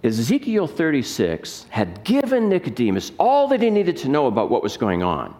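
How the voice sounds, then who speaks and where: A man's voice: medium pitch, huge pitch swings, moderate pace, a little mellow. A man, a pastor, preaching a sermon with emphatic rhetorical questions and scripture reading.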